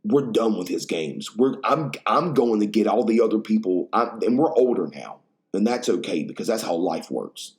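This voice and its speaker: A man's voice: fairly low pitch, animated, normal speed. A man hosting a podcast in casual chat, rambling, profane and full of slang. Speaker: podcast host.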